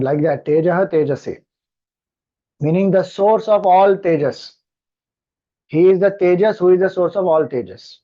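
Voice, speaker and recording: A man with an Indian English accent teaches scripture in a slightly high, patient voice. He chants verses slowly and then unpacks them one phrase at a time. The recording sounds dull and lo-fi. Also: dark tone. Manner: slow, explanatory, chants mantras then explains. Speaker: spiritual teacher. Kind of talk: scripture discourse.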